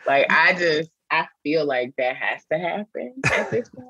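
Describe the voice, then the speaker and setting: Low-voiced woman, slow and thoughtful, talking on a podcast, dry dull sound. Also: animated, pushed and bright, husky, no echo. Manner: earnest, reflective, speaks with repeated restarts. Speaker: guest, theologian and author. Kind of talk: podcast interview conversation.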